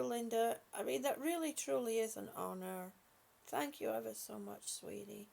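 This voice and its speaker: A woman hosting a live stream, speaking softly and affectionately to her viewers with halting, repeated words. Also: fairly high pitch, steady tone, vocal fry, a little hiss or hum. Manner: soft, affectionate, calls viewers honey and sweetie. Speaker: livestream host reading viewer comments. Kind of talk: slow casual live chat.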